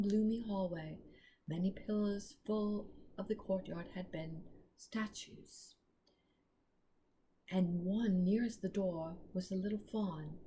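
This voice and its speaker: A woman reading a children's book chapter aloud in a measured way. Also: mid-range voice, warm tone, slight background noise. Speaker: storyteller.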